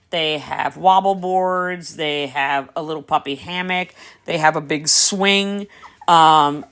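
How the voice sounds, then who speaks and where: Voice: mid-range voice, fairly bright tone. Chatty dog breeder on a live stream. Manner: chatty, explaining at length. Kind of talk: casual live-stream chat. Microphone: phone or device on a live stream.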